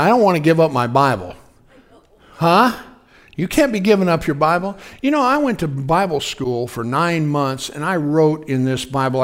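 A man in his sixties preaching a conversational sermon, folksy, telling personal stories and asking the congregation questions. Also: mid-range voice. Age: 60s. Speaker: pastor.

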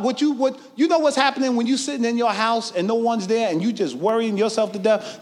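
A man a sermon, calling out to his congregation and swinging from shouted lines to hushed ones. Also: extremely high pitch, normal speed, few pauses, slight background noise. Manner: call-and-response preaching, swinging from shouts to near-whispers. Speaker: preacher. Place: church sanctuary. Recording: long reverb of a large hall.

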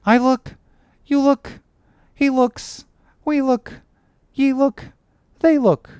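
A crazed young cabin boy chants and rambles in a sing-song, played by a woman. The voice is clean and smooth, sitting a little high, and it drifts along at a very unhurried pace. The recording is dry and close, like a storybook read in the studio. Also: fairly even intonation, mellow, dry recording. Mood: chanting. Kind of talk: audiobook character reading.

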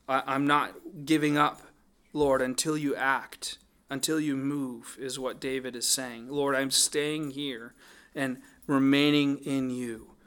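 A man's voice: medium pitch, a bit bright, smooth. A man preaching a sermon, earnest and thoughtful, often restarting his phrases as he works through a psalm. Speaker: pastor.

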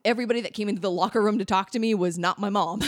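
A woman's voice: medium pitch, rapid-fire, dry recording, studio quality. A young adult woman co-hosting a podcast, telling personal stories in a casual chat, with lots of "like" fillers and frequent laughs. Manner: chatty storytelling full of "like" fillers, laughs often. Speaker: podcast co-host.

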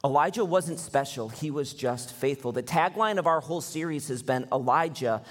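A man's voice: medium pitch, moderate pace. A male pastor preaching a sermon, telling a Bible story in a casual way and briefly acting out the characters' lines. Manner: storytelling, acts out quoted lines. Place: church auditorium. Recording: long hall reverb.

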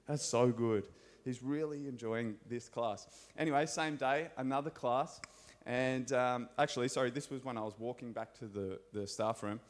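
A man's voice: mid-range voice, steady tone, normal speed. Australian male preacher, casual and upbeat, tells school stories from the pulpit. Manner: enthusiastic, chatty storyteller. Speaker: pastor and school scripture teacher. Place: church.

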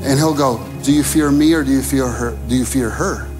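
A man preaching a sermon as pastor, telling stories and acting out dialogue, moving from hushed moments to rising intensity. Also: mid-range voice, fairly quick. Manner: animated storytelling, acting out dialogue. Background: music.

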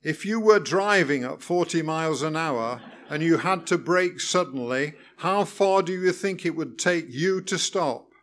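A man's voice: on the high side, unhurried, fairly bright tone. A man voicing a stiff, irritable male driving examiner who talks in a pedantic, clipped way and leans hard on his words. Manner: pedantic, clipped, over-emphatic.

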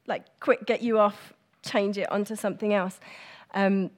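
A middle-aged woman giving a personal, reflective church talk, speaking gently with pauses and fillers. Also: mid-range voice, fairly even intonation.

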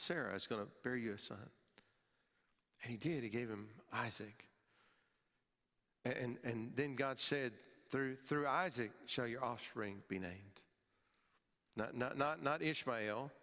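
A male pastor preaching a sermon, emphatic, his voice rising and falling sharply and dropping low at the ends of phrases, sometimes repeating words as he restarts. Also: pushed and bright. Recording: long hall reverb.

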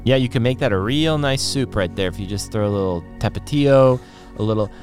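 A man's voice: mid-range voice, brisk, darkish tone, faint music behind. A man co-hosting a podcast, joking and rambling in casual banter. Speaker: podcast co-host.

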